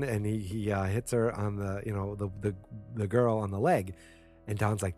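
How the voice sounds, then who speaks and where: A man's voice: on the low side, fairly even intonation, moderate pace, a little mellow, soft background music. A man casually retelling a TV episode, rambling with fillers and restarts and briefly acting out characters' lines. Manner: acts out character lines with small voice shifts. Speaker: TV episode recapper. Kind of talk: casual spoken recap.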